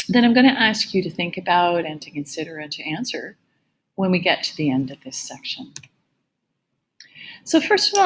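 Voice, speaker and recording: A woman math teacher giving a recorded lecture with a slightly gravelly voice, explaining each step patiently. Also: lowish voice, a little hiss or hum, rough recording.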